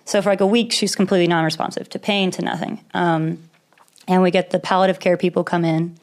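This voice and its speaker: A woman's voice: on the low side, steady tone, fast, darkish tone. A young woman talks through a personal story in easy conversation. She is open and rambling, with nervous little laughs and the odd swear word. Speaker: guest telling a personal story. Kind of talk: casual conversation.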